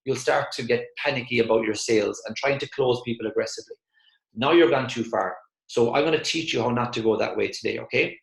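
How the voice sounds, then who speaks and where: A man gives an emphatic motivational talk to a sales team, hammering his points home through repetition. His voice has a gravelly, fry-tinged edge. The room around him is echoey. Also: mid-range voice, fast. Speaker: motivational speaker.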